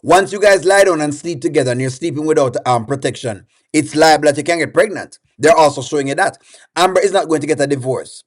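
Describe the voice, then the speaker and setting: A man's voice: on the high side, quick pace. A man hosting a live-stream reaction show, chatting and putting questions to his viewers while reading their comments aloud.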